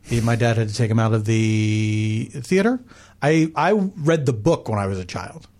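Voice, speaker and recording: A man's voice: on the low side, moderate pace, darkish tone. A man in casual comedic chat, bantering and mock-exasperated.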